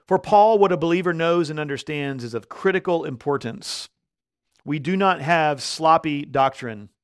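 A man's voice: fairly high pitch, smooth. Emphatic male pastor preaching. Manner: emphatic, rising loud on key words; slows down when quoting scripture. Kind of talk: sermon.

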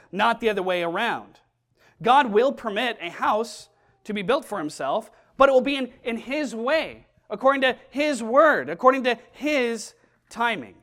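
A man preaching a sermon, emphatic and deliberate, repeating key phrases and slowing down to stress them. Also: high voice, fairly bright tone.

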